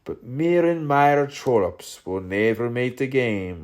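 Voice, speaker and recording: A man reading a literary audiobook aloud in a theatrical way, shifting his pitch and loudness between the quoted speakers. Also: animated, takes it slowly, hardly any pauses. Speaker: audiobook reader.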